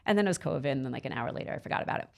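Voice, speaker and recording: During a relaxed podcast interview, a low, creaky-voiced woman appears as a guest, speaking quickly. She's a lively storyteller who performs the quoted voices in her anecdotes.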